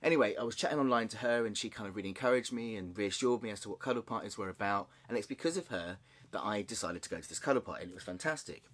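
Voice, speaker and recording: A man sharing a personal story in a candid, halting way, with nervous laughs and frequent restarts. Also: on the low side, a bit bright. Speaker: vlogger. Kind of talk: personal confessional vlog.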